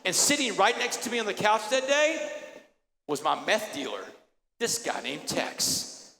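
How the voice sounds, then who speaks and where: A man delivering an emphatic, story-driven motivational keynote in a notably high voice. His voice booms through a large hall with a long, ringing reverb. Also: big pitch swings, measured pace, gravelly, pushed and bright, a little hiss or hum. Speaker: keynote speaker. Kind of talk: motivational speech. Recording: echoey hall.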